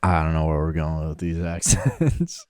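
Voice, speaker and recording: A man's voice: extremely low pitch, animated, measured pace, darkish tone, no room sound, studio quality. A man co-hosting a podcast in casual chat, joking crudely and laughing often. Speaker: podcast co-host.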